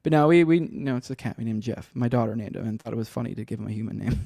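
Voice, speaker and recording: Podcast host: man, rambling and sardonic, swears freely, dark mellow voice on a dry, close track. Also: mid-range voice, quick pace, creaky, no room sound. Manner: rambling, profane, sardonic, many restarts. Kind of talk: casual solo commentary with chat. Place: home room with a cat and a desk.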